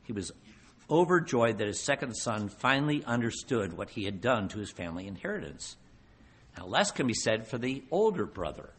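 A man preaching a sermon, posing rhetorical questions and slowing down to stress key words. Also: medium pitch, sing-song, breathy edge. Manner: rhetorical questions, slows down for emphasis.

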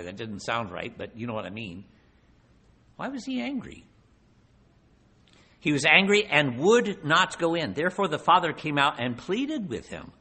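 A man preaching a sermon, posing rhetorical questions and slowing down to stress key words. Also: fairly high pitch, bright, forceful tone, husky. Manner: rhetorical questions, slows down for emphasis.

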